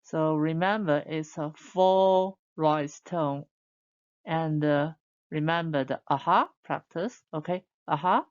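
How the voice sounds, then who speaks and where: A woman teaching a beginner Chinese lesson, modelling sounds slowly for learners to repeat. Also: low-pitched, fairly even intonation, darkish tone, clear, resonant tone, highs cut off. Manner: slow, drawn-out demonstration sounds for repeating. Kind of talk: online language lesson.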